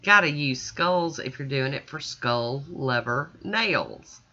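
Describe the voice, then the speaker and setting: A woman's voice: very deep voice, animated, takes it slowly, pushed and bright. A woman chatting casually as she narrates a nail art tutorial voice-over, folksy and self-deprecating. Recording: slightly dull lo-fi audio.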